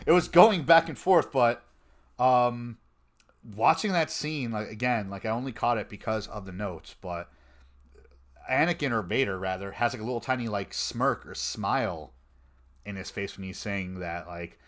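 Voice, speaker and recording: A man hosting a fan podcast, chatting casually and excitedly, with frequent laughs and fillers. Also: on the low side, normal speed. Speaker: podcast host.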